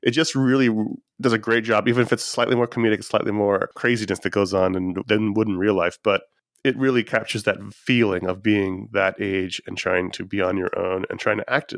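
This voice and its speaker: A man's voice: fairly low pitch, fairly even intonation, fairly quick, a bit bright, no echo, studio quality. A sick man hosting a podcast, talking in casual, enthusiastic and rambling chat. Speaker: podcast host.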